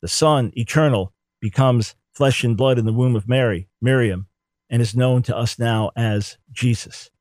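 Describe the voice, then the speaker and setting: A man's voice: mid-range voice, moderate pace, darkish tone, no room sound. A man giving an emphatic theology teaching talk, repeating words to drive points home. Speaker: Bible teacher.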